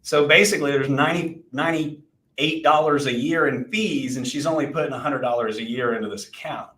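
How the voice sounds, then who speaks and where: A man's voice: medium pitch, brisk, a bit bright. Guy in his 40s, casual podcast storyteller, trips over his words, echoey room. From Texas. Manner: rambling, self-deprecating storyteller with many restarts. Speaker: podcast co-host, insurance agency owner. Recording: roomy echo.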